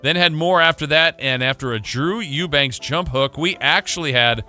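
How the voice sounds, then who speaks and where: Brisk sports radio man recapping. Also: fairly high pitch, sharp tone, faint music behind. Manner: brisk play-by-play recap, laughs at the drops. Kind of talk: recapping games over sound drops.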